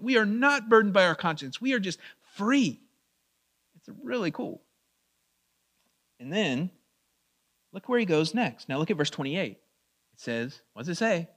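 A man preaching a verse-by-verse sermon in a conversational way, asking the audience questions and reading scripture slowly with drawn-out emphasis. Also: sits high, fairly bright tone. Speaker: pastor. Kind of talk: expository sermon.

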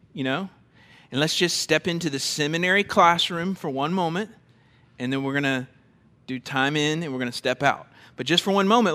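Man, pastor in a sermon, emphatic and questioning, voice sits a bit high. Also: pushed and bright, big-room sound. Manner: emphatic, asks the congregation questions. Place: church before a congregation.

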